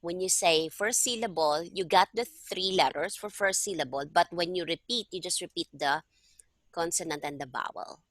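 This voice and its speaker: Bright, dry-voiced woman language tutor. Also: fairly low pitch, normal speed, no echo. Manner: patient, checks understanding often. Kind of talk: one-on-one online tutoring.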